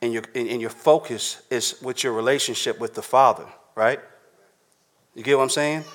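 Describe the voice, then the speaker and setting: A man's voice: mid-range voice, normal speed, fairly bright tone. Man preaching in casual slang. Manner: casual street slang, conversational, keeps checking in with the listeners. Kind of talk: sermon.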